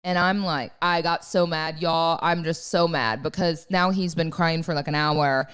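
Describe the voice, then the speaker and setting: A woman's voice: fairly even intonation, a little slow, fairly bright tone, clean tone. Chatty woman telling a story. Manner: chatty storytelling, acts out quotes in a high voice. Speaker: podcast co-host. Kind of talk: casual chat.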